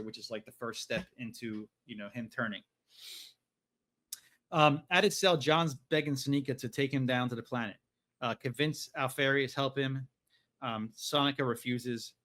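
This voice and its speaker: A man's voice: mid-range voice, bright, forceful tone. A man hosting a podcast, casually recapping a novel in a rambling way, with lots of fillers and some swearing. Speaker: podcast host.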